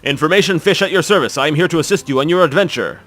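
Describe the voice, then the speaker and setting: A man's voice: a little high, very fast, fairly bright tone, faint music behind. A man voicing a quirky, formal talking fish in a video game.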